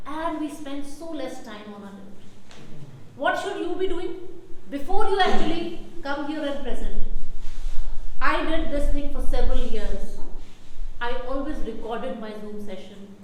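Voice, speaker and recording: High-voiced woman teaching in an echoey hall. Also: moderate pace, a little hiss or hum. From India. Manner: questions the audience, lively teaching delivery. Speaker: workshop presenter. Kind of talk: public speaking workshop talk. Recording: echoey hall with faint ambience.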